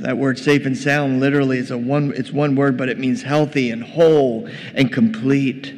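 A man's voice: medium pitch, steady tone, moderate pace, hardly any pauses, darkish tone. A man preaching a sermon in a church, in a conversational way, talking directly to his congregation. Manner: conversational, addresses the congregation as gang. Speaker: pastor. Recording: long reverb, faint noise.

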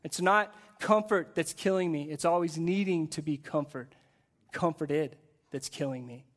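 A man preaching a sermon to a church service, in an energetic, conversational way with frequent repeated words. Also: fairly high pitch, unhurried. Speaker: guest pastor.

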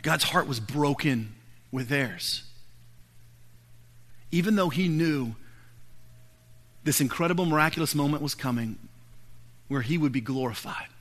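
A man preaching a sermon, earnestly building to pointed rhetorical questions and then falling to a hushed, quiet delivery. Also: fairly high pitch, a little slow, long pauses. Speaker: pastor.

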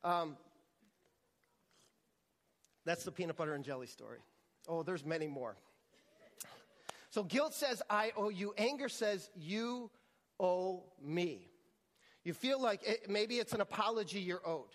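A man's voice: sits high, lively intonation, moderate pace, pauses often, fairly bright tone, big-room sound. A man preaching a sermon as pastor, telling a story with frequent restarts and repeated words.

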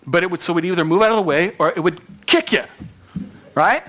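Animated male preacher dropping to whispers. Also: high-pitched, a little fast. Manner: animated, laughs often, drops to near whispers. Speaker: pastor. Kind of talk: sermon.

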